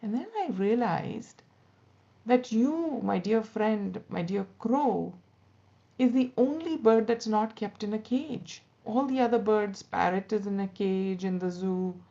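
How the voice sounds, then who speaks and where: Woman as male peacock, wistful, confiding, gravelly, dull lo-fi. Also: mid-range voice, measured pace, dark tone, voice pushed up. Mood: reflective. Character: proud, wistful male peacock kept in a zoo. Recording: dull lo-fi recording.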